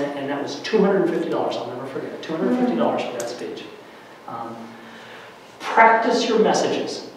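A middle-aged man giving a lively workshop lecture to faculty, varying his loudness for emphasis, with many fillers. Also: a little high, a little hiss or hum. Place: large lecture room. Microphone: distant room mic. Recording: very echoey hall from far off.

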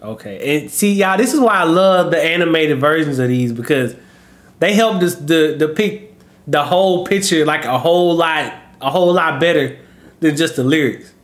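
A man hosts a reaction video while sick, coughing between his words. He rambles in a loose, casual way, calling his viewers y'all. His speaking voice sits a little high. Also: animated, normal speed. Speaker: YouTube reaction host.

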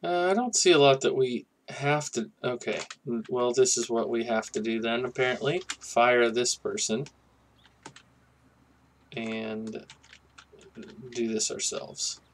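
A man hosting a casual gameplay commentary, musing and thinking aloud in a relaxed way. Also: medium pitch, slow pace, long pauses, a little hiss or hum. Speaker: gaming channel host.

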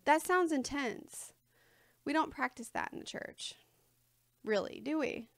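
Woman preacher, informal conversational sermon, slightly high voice, dry close sound. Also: lively intonation, a little slow, dry recording. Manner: chatty and informal, laughing between points. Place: church sanctuary before a congregation.

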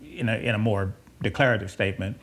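Husky-voiced male preacher. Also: fairly low pitch, quick pace. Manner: rambling, self-correcting, with asides and soft chuckles. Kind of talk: conversational sermon.

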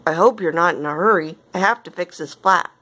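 A woman's voice: on the low side, a little fast, bright, forceful tone. A woman voicing an apologetic, matter-of-fact male taxi driver in a read-aloud storybook.

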